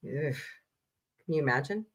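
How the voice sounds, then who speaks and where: A woman hosting a casual livestream from home, chatty and animated, reacting with quick outbursts. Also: deep voice. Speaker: livestream host.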